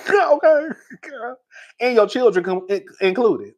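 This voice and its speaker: A young man giving sassy, dramatic reality TV commentary, swinging between loud outbursts and calm asides. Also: very high voice, a little slow, lo-fi sound. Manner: sassy, calls listeners girl. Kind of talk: casual reaction commentary.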